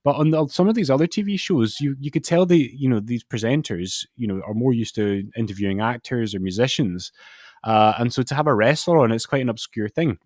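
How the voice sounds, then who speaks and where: A man's voice: medium pitch, fairly quick, darkish tone, no echo, studio quality. A man co-hosting a podcast, telling rambling stories and acting out quotes in casual chat. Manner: rambling storyteller who acts out quotes. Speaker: podcast co-host.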